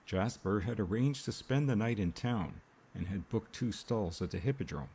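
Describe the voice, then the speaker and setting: Husky, mellow male audiobook narrator. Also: on the low side. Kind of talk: scripted narration.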